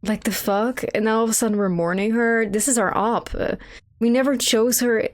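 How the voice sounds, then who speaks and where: A woman's voice: a little high, steady tone, a little fast. A young woman giving casual, profane commentary while playing a video game, rambling and incredulous. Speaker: game streamer.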